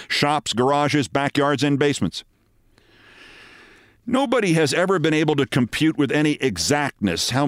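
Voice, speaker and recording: A man's voice: medium pitch, dry recording, clean studio sound. A man reading a humorous story aloud in a vivid, dramatic storytelling manner. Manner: vivid storytelling, loudly acting out shouted cries.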